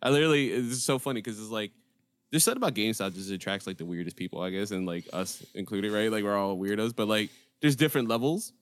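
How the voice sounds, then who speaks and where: Laughing, animated man telling stories. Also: fairly low pitch, quick pace. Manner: animated, laughing, acts out quotes. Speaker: podcast co-host, former game store worker. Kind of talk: casual chat, storytelling.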